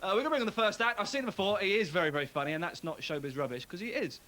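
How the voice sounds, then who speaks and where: A man's voice: sits high, lively intonation, rapid-fire, pushed and bright. A man hosting a live stand-up comedy show, joking and mock-grumbling between introductions, on a hissy 1990s TV broadcast. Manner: rowdy, jokey, mock-grumbling. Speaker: host.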